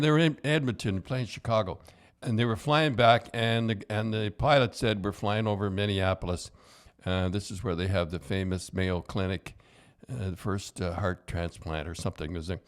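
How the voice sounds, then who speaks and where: An older man, a podcast host and former coach, telling hockey stories in a rambling, halting way with chuckles. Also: lowish voice. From Canada. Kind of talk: casual storytelling.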